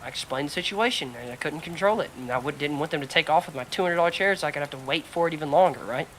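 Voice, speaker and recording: A woman co-hosting a podcast, telling a story in casual chat, animated and swearing a lot while acting out what others said. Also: deep voice, very fast, a little hiss or hum, rough recording. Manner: animated storyteller, heavy swearing, acts out quotes. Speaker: podcast co-host.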